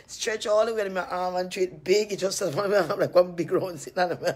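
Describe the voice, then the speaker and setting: A woman's voice: lowish voice, brisk, husky. A woman talking casually on a phone live stream from home, telling rambling stories and laughing often. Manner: chatty, laughs often, animated storytelling. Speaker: cream seller on a live stream. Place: at home, just out of bed.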